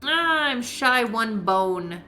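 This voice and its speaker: Streamer woman, high voice, unhurried musing, faint game music behind. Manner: relaxed, musing to herself. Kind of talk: live game-stream commentary.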